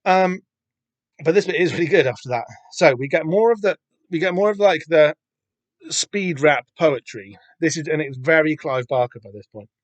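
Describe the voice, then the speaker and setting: Animated and moderately paced, this podcast host's slightly high voice comes through with no echo. During a casual comic read-through, he rambles along, full of fillers and restarts.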